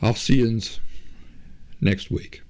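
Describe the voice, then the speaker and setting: A man's voice: fairly low pitch, takes it slowly. A man hosting a podcast, telling a story in a loose, chatty, conversational way. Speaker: podcast host. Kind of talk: casual spoken storytelling.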